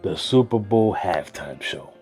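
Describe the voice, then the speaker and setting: Slangy low-voiced man with faint music. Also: measured pace. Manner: slangy, animated, mixes in Spanish phrases. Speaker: sports vlogger. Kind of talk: casual sports commentary.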